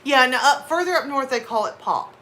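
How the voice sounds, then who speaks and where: Chatty Southern woman, slightly high voice. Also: expressive, pushed and bright. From American South. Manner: chatty, rambling, quick asides to chat. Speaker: livestream host reading chat. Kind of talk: casual chat.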